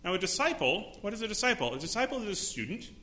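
A man's voice: sits high, sing-song, quick pace, bright, forceful tone, reverberant. A male pastor preaching a sermon, acting out quotes with dramatic voices. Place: church sanctuary.

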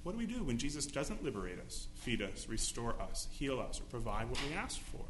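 A man's voice: mid-range voice, very animated, fairly quick, echoey room, noisy background. A male pastor preaching a sermon, acting out quotes with dramatic voices. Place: church sanctuary.

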